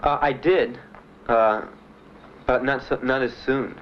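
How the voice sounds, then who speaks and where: Older man, interviewee, halting and plain, fillers throughout; dull, slightly noisy archival audio. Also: medium pitch, fairly even intonation. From Miami. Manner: plain, halting storytelling with many "uh"s and "you know"s. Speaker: Vietnam veteran interviewee. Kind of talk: personal recollection in an interview.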